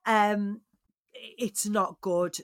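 A woman co-hosting a podcast, chatting casually in a recap, swinging between loud exclaims and quiet asides. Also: mid-range voice, steady tone, drawn-out words, no echo, studio quality. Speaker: podcast co-host.

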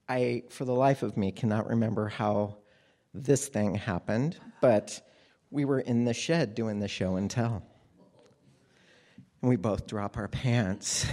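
A man's voice: mid-range voice, slow, pauses often, darkish tone. A man telling a candid personal story to an audience from a stage, plainspoken and wry. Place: stage under bright lights.

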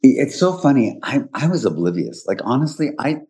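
A man's voice: mid-range voice, sing-song, fairly quick, darkish tone. An older man hosting a podcast, telling stories in a chatty way and laughing often. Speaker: podcast host. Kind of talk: casual chat.

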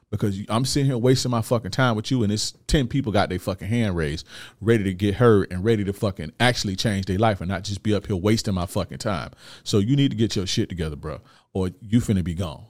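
Talking fast in a lowish, darkish voice on a dry recording, this host from Florida, USA, in his thirties, rants bluntly at men about life. His casual monologue is full of profane street slang.

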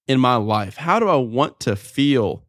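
A man's voice: measured pace, no echo. Guy hosting his own podcast, chatty and pumped, storytelling, super dry close mic. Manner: energetic storyteller, jumps up in pitch when excited. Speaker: podcast host. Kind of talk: casual monologue.

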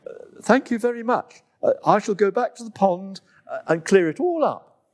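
Man doing storybook little jungle girl, high squeaky voice, excitable, stammering, lively swoops. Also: normal speed. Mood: contrite. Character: cheeky little female jungle animal on her birthday.

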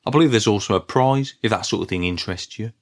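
Brummy guy doing his podcast, flat steady delivery, wry and deadpan. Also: fairly low pitch, fast talker. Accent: Birmingham. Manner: dry, level delivery with little show of excitement; wry, self-deprecating. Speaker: podcast host. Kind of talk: casual solo podcast talk.

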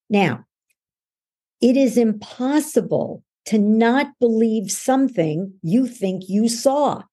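A woman's mellow, husky voice sits on the high side, very animated yet slow-paced. As a coach guesting on a podcast, she patiently explains how beliefs form, acting out everyday voices to make her points in an instructive interview answer.

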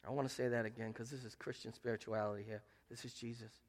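A man pastor preaching a sermon, swinging between loud emphatic rises and soft hushed lines. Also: mid-range voice, fast, vocal fry, hardly any pauses. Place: church sanctuary.

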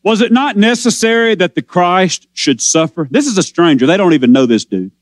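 A man preaching a sermon, explaining scripture with rising passion and drawn-out quotes. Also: sits high, lively intonation, no room sound. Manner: impassioned preaching, slows and swells on scripture quotes.

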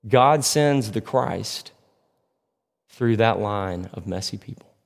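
A man's voice: lowish voice, slow, vocal fry. Male pastor preaching in a reverberant hall. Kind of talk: sermon.

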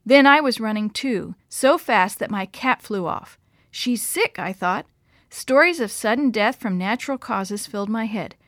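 A middle-aged woman reading a children's story aloud in a gentle, expressive storytelling voice. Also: mid-range voice, moderate pace, no room sound, studio quality.

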